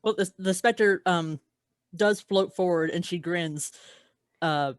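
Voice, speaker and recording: A player improvising a spooky story in a game, hesitant and full of pauses. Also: mid-range voice, no room sound, clean studio sound. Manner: hesitant, many fillers.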